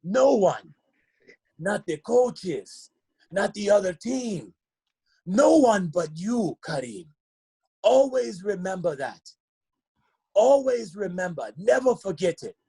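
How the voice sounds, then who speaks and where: Emphatic older Nigerian dad, played by a man, high-pitched and urging, Nigerian accent. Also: sing-song, slow, creaky, pauses often, dark tone, breathy edge, heavily acted. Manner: repeats the name, emphatic and urging. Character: wise older Nigerian father, a teammate's dad, insistent and encouraging.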